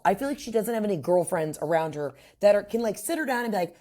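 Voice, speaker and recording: A woman's voice: mid-range voice, animated, fast talker, warm tone. A woman comedian as a podcast guest, talking in a brash, crude, storytelling way. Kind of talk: casual chat.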